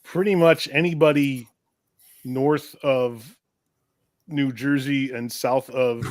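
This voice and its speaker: Man, co-host, friendly shout-outs, dry close sound. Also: mid-range voice, steady tone, takes it slowly, no room sound. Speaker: live stream co-host. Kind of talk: casual live stream chat.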